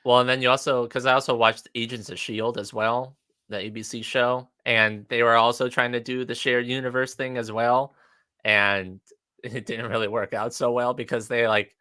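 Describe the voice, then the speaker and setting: A man's voice: mid-range voice, little pitch movement, bright, forceful tone, smooth, no room sound, clean studio sound. A man in casual live-stream chat, talking loosely and filling his sentences with "like". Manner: chatty, peppered with "like" and quick laughs.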